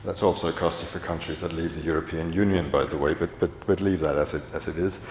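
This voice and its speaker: A man's voice: low voice, steady tone, quick pace, a little mellow, slight background noise. A middle-aged man giving a rambling conference lecture, full of restarts and fillers. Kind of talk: conference talk. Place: conference hall. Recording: echoey hall from afar.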